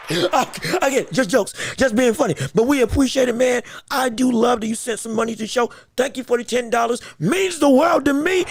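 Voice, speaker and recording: Gravelly-voiced man hosting a boxing stream. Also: very high-pitched, no room sound, studio quality. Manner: animated, stammering restarts, playful. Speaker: podcast host. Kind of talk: casual livestream commentary.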